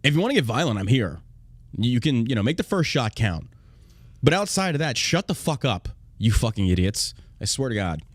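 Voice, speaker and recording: A man's voice: medium pitch, very animated, brisk, breathy edge, no room sound. An American man hosting a podcast, talking in a casual, profane and combative way, often laughing. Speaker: podcast host.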